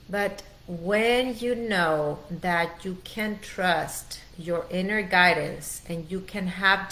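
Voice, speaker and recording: A middle-aged woman as a wellness coach, leading a guided training in a slow, soothing, heartfelt way. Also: fairly low pitch, a bit bright. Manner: slow, soothing, heartfelt, urges the listener to breathe.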